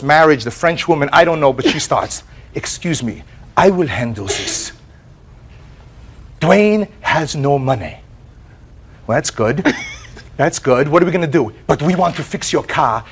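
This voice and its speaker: American man, plaintiff testifying, lively storyteller, slightly higher voice. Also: moderate pace, slightly rough. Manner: animated storytelling with repeated words and quoted voices. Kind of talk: courtroom testimony.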